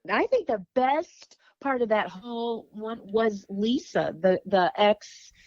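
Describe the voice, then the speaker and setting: A woman with a fairly high voice chats eagerly about a TV show on a podcast, agreeing and jumping in often. Her sound is dry and a little dull. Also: expressive, a little mellow, no echo. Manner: enthusiastic, agreeable, quick to chime in. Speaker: podcast guest. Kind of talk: casual chat about a TV show.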